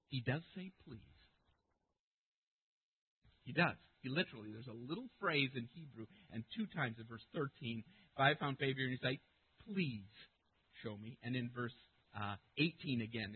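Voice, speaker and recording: A man preaching a sermon as pastor, speaking emphatically and getting loud when he quotes scripture. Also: mid-range voice, slightly rough. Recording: narrow phone-like sound.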